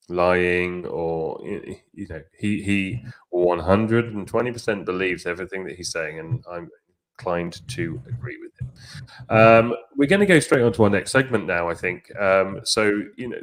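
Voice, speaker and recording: A man with a deep, low voice hosts a podcast in loose, casual chat. He talks enthusiastically and rambles, filling pauses with ums and restarting sentences. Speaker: podcast host.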